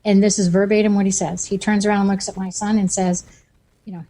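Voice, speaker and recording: A woman's voice: mid-range voice, level tone, fast, warm tone. A woman hosting a radio talk show and coaching, who talks with enthusiasm and keeps affirming her guest. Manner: enthusiastic, frequent affirming interjections.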